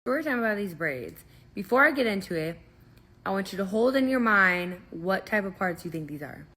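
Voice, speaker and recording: A woman's voice: medium pitch, sing-song, brisk, pushed and bright, breathy edge. A young woman student starting a casual storytime in a chatty way, talking straight to her viewers. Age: young adult.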